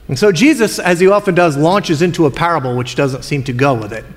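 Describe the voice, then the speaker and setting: A male pastor preaching a sermon, telling Bible stories in an expressive, colloquial way. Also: a little high, brisk, hardly any pauses. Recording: long hall reverb.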